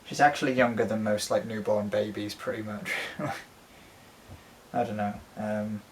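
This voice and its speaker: This time the collector's voice sits fairly low, flat and a little slow as he chats about his dolls at home. He rambles, says um a lot and swears often, and the rough recording carries slight background noise.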